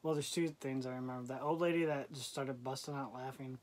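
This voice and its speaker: A man's voice: medium pitch, steady tone, quick pace, darkish tone. A man co-hosting a casual livestream, chiming in with short teasing remarks. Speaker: co-host.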